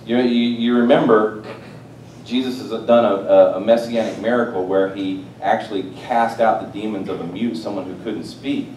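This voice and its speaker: A man preaching a sermon, swinging between loud, excited exclamations and hushed, quiet asides. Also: moderate pace. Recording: roomy, distant mic with faint rumble.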